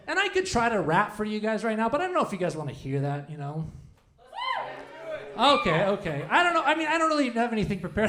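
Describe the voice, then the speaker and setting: Rambling stand-up comic with lively pitch. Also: male voice, brisk. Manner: rambling, self-deprecating, many restarts. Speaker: stand-up comedian. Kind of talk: stand-up comedy set. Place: comedy club stage.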